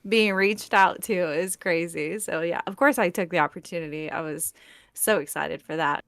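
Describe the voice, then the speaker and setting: A woman's voice: fairly low pitch, moderate pace, fairly bright tone, dry recording, clean studio sound. A woman who does voice acting, chatting as a guest and telling stories in a bubbly way with frequent laughter. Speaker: guest voice actor. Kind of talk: casual chat.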